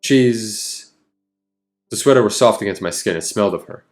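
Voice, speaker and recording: A man's voice: fairly low pitch, very fast, faint music behind. A man reading a story game aloud, with wry, exasperated asides between passages. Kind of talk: narrating and commenting casually.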